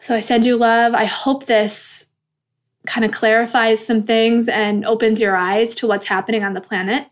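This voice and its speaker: Host type, woman in her thirties, heartfelt and passionate solo talk, a little high-voiced. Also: level tone, normal speed. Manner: earnest, impassioned, swears when angry. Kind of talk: casual monologue.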